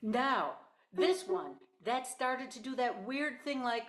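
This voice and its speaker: A woman's voice: on the high side, animated, slow pace, over a noisy crowd. A woman teaching a one-on-one singing lesson, explaining exercises and demonstrating them in an encouraging way. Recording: echoey room with piano.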